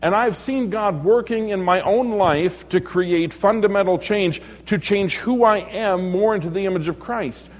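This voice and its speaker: High-voiced jovial man preaching in a hall. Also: unhurried, hardly any pauses. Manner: jovial and joking, chuckles often, teases the congregation. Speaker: pastor. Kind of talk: evening church lesson sermon. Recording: long hall reverb.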